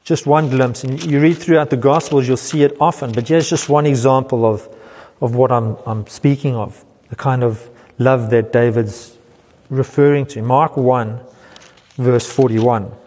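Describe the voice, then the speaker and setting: A man's voice: medium pitch, fairly even intonation, measured pace, darkish tone. A middle-aged man preaching a sermon as pastor, earnestly explaining and quoting scripture. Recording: reverberant church hall.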